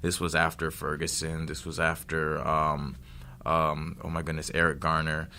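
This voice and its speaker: Bright-voiced young man chatting easygoing. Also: extremely low pitch, monotone, normal speed, a little hiss or hum. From United States. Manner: easygoing, rambling, with many fillers. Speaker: guest poet. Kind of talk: casual radio interview. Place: radio studio.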